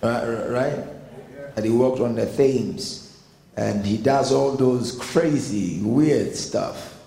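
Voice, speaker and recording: A man's voice: medium pitch, slow, gravelly, dark tone. A Ghanaian man with a Ghanaian accent preaching a sermon as pastor, emphatic and building in force. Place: church hall. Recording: echoey hall with long reverb.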